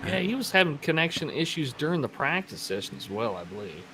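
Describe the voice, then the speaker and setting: A man's voice: on the high side, big pitch swings, quick pace, music in the background. A man with a Canadian accent doing casual co-commentary on a sim race, chatting and reading out viewer comments. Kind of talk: casual color commentary and chat.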